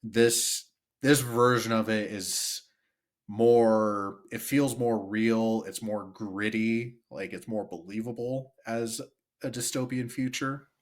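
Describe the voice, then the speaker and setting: Slow-talking, low-voiced podcast co-host man. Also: steady tone. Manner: rambling, many fillers and restarts. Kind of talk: casual movie discussion.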